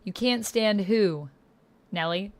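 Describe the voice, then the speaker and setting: A woman's voice: medium pitch, takes it slowly. A woman streamer chatting casually and rambling to her viewers during a livestream.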